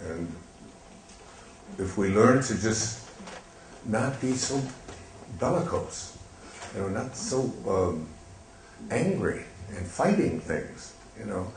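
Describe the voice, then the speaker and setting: An older man telling a gentle, meandering story with soft laughs and many fillers. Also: fairly low pitch, sing-song, takes it slowly, pauses often, roomy sound, slight background noise, poor audio. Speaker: speaker. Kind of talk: reflective storytelling talk.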